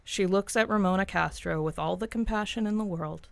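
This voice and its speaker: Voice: mid-range voice, a little fast, creaky, fairly bright tone. A tabletop role-playing game player, speaking earnestly in and out of character.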